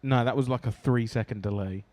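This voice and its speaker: A man's voice: mid-range voice, fairly quick, darkish tone, dry recording. A man, co-hosting a podcast in casual, joking banter, swearing freely. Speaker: podcast co-host. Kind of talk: casual chat.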